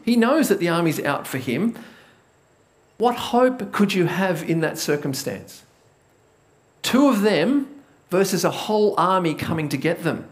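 A man preaching a conversational sermon, retelling a Bible story with lively storytelling and asking the congregation direct questions. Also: sits high, a little slow, pauses often. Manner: lively storytelling, acts out the biblical characters' panic. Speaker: pastor.

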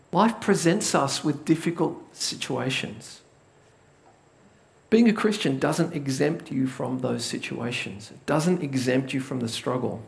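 A man preaching a conversational sermon, retelling a Bible story with lively storytelling and asking the congregation direct questions. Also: a little high, vocal fry. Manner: lively storytelling, acts out the biblical characters' panic. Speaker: pastor.

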